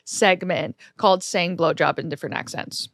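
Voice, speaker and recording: A woman's voice: fairly low pitch, steady tone, moderate pace, dry recording, clean studio sound. A woman co-hosting a comedy podcast, chatting playfully and laughing often. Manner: giggly, theatrical, laughs often. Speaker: podcast co-host. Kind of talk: casual comedic chat.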